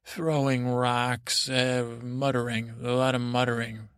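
A man's voice: medium pitch, level tone, smooth, dry recording, studio quality, close to an everyday voice. A man voicing a flustered male soldier in a storybook tale, stumbling over his report. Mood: uneasy. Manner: halting, stumbling.

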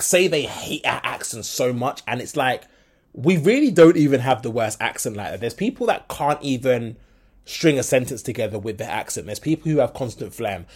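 A man's voice: mid-range voice, breathy edge. A young man from the Midlands, switching between a Birmingham and a London accent, talking frankly in a rambling solo podcast monologue full of fillers and restarts. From English Midlands. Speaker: podcast host.

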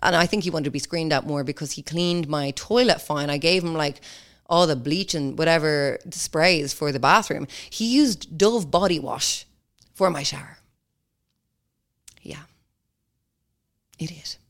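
A young woman hosts a casual podcast, speaking in a low voice. She talks bluntly and swears freely. She slips into mocking voices whenever she quotes other people. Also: a little slow. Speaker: podcast host. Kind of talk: casual chat.

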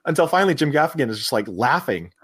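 Lively man hosting a film chat. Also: a little high, fast talker, slightly rough. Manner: animated retelling, slipping into quoted lines. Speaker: podcast host. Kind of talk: casual chat recapping a film.

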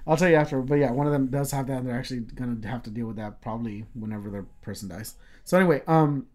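A man's voice: medium pitch, fast talker, darkish tone. A man telling a story in casual chat, rambling with lots of fillers and swearing freely.

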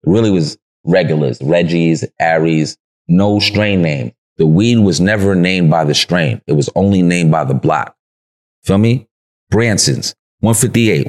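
A man with a New York accent, speaking in a very deep, low register. He tells stories as a podcast guest in loose street slang, laughing easily and slipping into other people's voices as he goes. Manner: slangy and laid-back, laughs often, acts out quotes. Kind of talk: casual interview storytelling.

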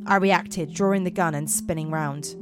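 Woman host, lowish voice, put-on American accent, dramatic horror reading, music behind. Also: steady tone, moderate pace. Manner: dramatic, giggly reading with slips. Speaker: podcast host and storyteller. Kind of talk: reading horror stories aloud.

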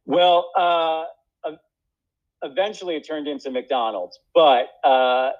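A man's voice: a little high, slow, lo-fi sound. A man who is an actor, talking casually in a rambling, self-deprecating way with many fillers and restarts. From United States. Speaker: actor and guest. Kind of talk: casual conversation.

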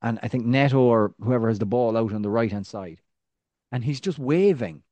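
Animated man talking football, dry mic. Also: moderate pace, no room sound, lo-fi sound. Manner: animated storyteller, restarts, rising pitch when excited. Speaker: podcast co-host. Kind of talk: casual football chat.

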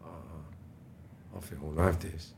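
Low-voiced middle-aged man, animated storyteller, salty language, podcast guest. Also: slow, vocal fry, slight background noise. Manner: animated, swears freely, acts out quoted dialogue. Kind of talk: storytelling interview chat.

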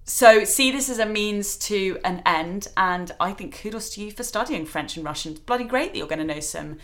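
A woman co-hosting a podcast, chatting in an animated, frank and joking way. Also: medium pitch, normal speed. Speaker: podcast co-host. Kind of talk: casual chat.

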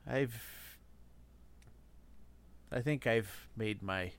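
A man playing his character in a tabletop game, halting and hesitant as he speaks. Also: on the low side. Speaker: player.

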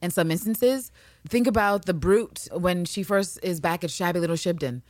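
A woman co-hosting a podcast in casual chat, animated and swearing freely as she acts out characters. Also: fairly low pitch, moderate pace, no room sound, studio quality. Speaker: podcast co-host. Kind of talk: casual chat recapping a TV episode.

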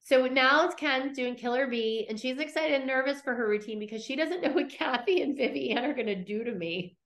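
A woman's voice: high voice, brisk. Middle-aged woman retelling stories with gusto. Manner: animated storyteller, acts out quotes, swears freely. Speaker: podcast host recapping episodes. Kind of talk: casual podcast chat.

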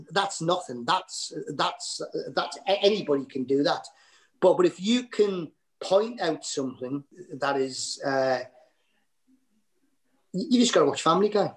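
A man's voice: on the high side, lively intonation, a little slow, rough recording. A middle-aged man with a Geordie accent, a comedian telling stories in a casual interview, rambling with lots of fillers and restarts. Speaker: comedian guest.

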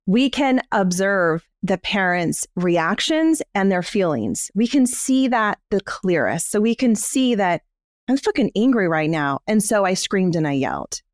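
A woman's voice: lowish voice, sing-song, measured pace, dry recording. Candid woman podcast co-host, dry sound. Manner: candid, explanatory, swears freely. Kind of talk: casual podcast chat.

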